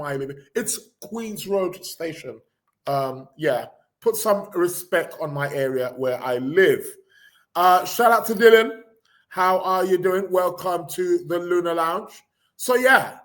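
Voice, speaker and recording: A man's voice: high-pitched, fairly bright tone. A man hosting a podcast, reading out the news in a rambling, sarcastic way, with lots of fillers and restarts. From England. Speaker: podcast host. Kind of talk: casual live chat reading news.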